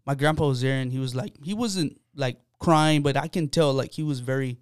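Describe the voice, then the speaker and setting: A man with a smooth, clear voice speaks as a podcast guest, telling a personal story in an earnest, loose way with plenty of fillers. The sound is dry and close, with almost no room echo. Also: mid-range voice, brisk. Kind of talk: casual podcast chat.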